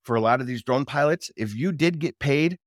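A man guest talking casually about his business in an interview, energetic and repeating words for emphasis. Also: mid-range voice, fairly quick, no echo, studio quality. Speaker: guest, drone business owner.

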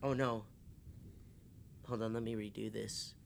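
A man narrates a tabletop game as game master, talking slowly and haltingly. He trips through fillers and restarts as he describes scenes. A faint hiss sits behind his voice. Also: lowish voice, flat delivery, creaky.

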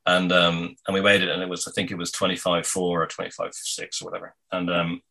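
A man telling a casual anecdote in a meandering, halting way, full of ums and restarts. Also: deep voice, completely flat delivery, gravelly, sharp tone, low-quality recording. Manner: meandering, halting, many fillers. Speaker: storyteller.

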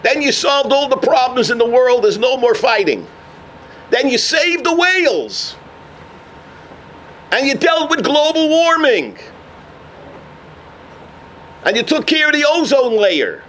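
A man giving a sermon as a rabbi, telling a story with animated energy. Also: very high voice, measured pace, long pauses, slight background noise. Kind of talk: sermon on the weekly portion.

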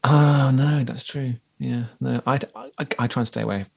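A man's voice: mid-range voice, fairly even intonation, normal speed, creaky, darkish tone, husky. A man with a Welsh accent co-hosting a podcast, telling a story in a rambling, jokey way with many restarts. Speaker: podcast co-host. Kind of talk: casual chat.

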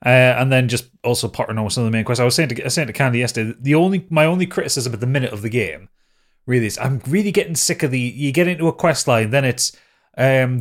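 A man's voice: medium pitch, quick pace. Rambling man on a podcast. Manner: rambling, swears casually, many fillers. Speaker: podcast co-host. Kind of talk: casual chat.

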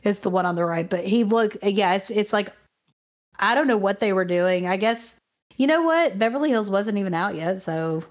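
A woman co-hosting a podcast in casual chat, excitable and quick to rant and laugh. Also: medium pitch. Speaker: podcast co-host. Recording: muffled lo-fi recording.

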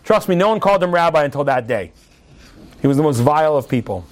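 Male preacher, high-pitched, animated storytelling sermon. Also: fast. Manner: animated, acts out the voices of the figures in his story.

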